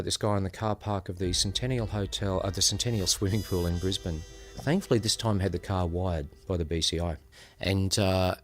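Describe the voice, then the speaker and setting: A man with an Australian accent tells a story in an unhurried, reflective way. His voice sits very low. Soft music plays faintly underneath. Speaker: former undercover police officer, guest. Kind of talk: conversational storytelling.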